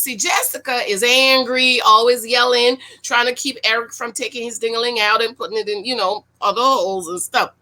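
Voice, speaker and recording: High, bright-voiced woman recapping a show. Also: moderate pace, few pauses. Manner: frank, animated, preachy advice to women. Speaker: reality-show reviewer. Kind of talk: casual video commentary.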